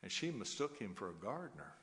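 Low-voiced preacher in a reverberant church. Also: male voice, very animated, brisk. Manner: emphatic, rhythmic preaching with soft chuckles. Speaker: pastor. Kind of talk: sermon. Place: church sanctuary.

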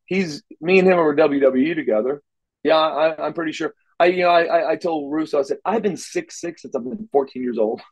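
A middle-aged former wrestler, appearing as an interview guest, tells stories casually and animatedly, acting out dialogue and often restarting. His voice is fairly high and brisk, and the audio is poor.

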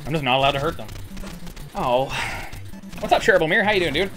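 A man's voice: fairly high pitch, expressive, quick pace, a bit bright. A man streaming a retro video game, chatting casually with a profane, joking, laid-back manner while greeting viewers. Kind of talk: casual gameplay chat, reading viewer messages. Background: retro game music.

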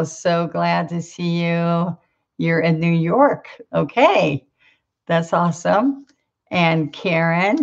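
A middle-aged Southern woman hosts a live painting stream and chats easily, greeting her viewers by name between small laughs. Her voice sits low with a gravelly edge, and she talks at an unhurried pace. The sound is dull and lo-fi. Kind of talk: casual live-stream chat.

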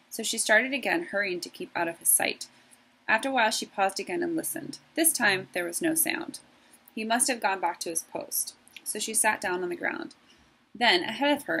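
Husky woman teacher reading aloud. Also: medium pitch, poor audio. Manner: steady storytelling narration. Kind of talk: reading a novel aloud to a class.

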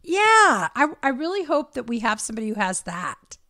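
A woman's voice: fairly high pitch, normal speed, no echo, studio quality. A woman in her fifties co-hosting a casual podcast, telling stories and acting out the lines of the people in them. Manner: animated storyteller acting out quotes. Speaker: podcast co-host. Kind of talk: casual chat.

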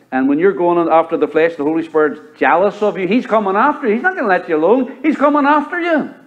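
A man with a Southern US accent preaching a sermon as pastor, rising to loud high exhortation and dropping to low, quiet emphasis. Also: highs cut off. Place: church sanctuary.

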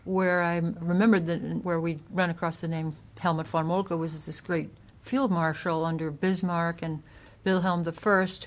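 A woman author, a guest in an interview, explaining family history at length with small restarts. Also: lowish voice. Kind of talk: casual interview.

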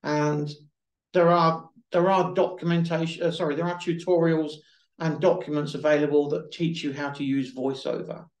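A man's voice: on the high side, flat delivery, normal speed. A man presenting a webinar, patiently explaining and demonstrating phone accessibility features, now and then restarting a phrase. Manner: patient, explanatory, repeats himself at times. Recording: echoey room.

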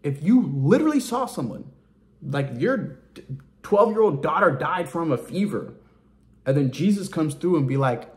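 Guy preaching casual testimony style, emphatic, pitch jumps all over, a bit high. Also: lively intonation, moderate pace. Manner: emphatic and colloquial. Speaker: ministry speaker.

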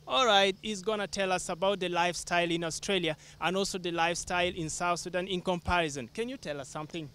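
A man hosting a television interview, speaking in a measured, formal way and giving station announcements. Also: high voice, fairly even intonation, fairly bright tone, clear, resonant tone. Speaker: television host. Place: television studio.

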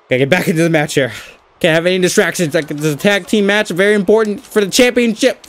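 A young man giving excitable live commentary over a wrestling video game, cheering and groaning at every move. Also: sits high, fast. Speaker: gaming channel host.

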